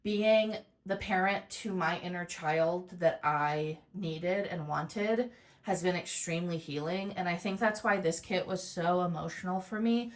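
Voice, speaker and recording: Tearful woman vlogging softly. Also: on the low side, a little slow. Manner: soft, heartfelt, rambling with many fillers. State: tearful, close to crying. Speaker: crafting YouTuber. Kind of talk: casual personal vlog.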